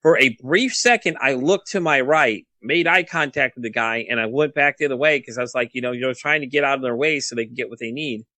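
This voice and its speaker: A man in his thirties tells his story in a quick, bright, forceful voice, recorded close and dry with no room sound. He swears often and tumbles over his words, restarting sentences as he rushes ahead. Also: medium pitch, no room sound. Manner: rapid, profane, restless recounting with many restarts. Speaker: podcast guest. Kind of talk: casual storytelling.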